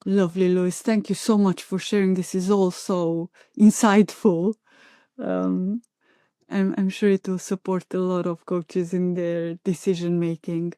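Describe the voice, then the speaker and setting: A woman's voice: lowish voice, flat delivery, measured pace, warm tone, no echo, studio quality. A woman hosting an interview, supportive and affirming, often murmuring agreement while her guest talks. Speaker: interview host. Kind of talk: interview conversation.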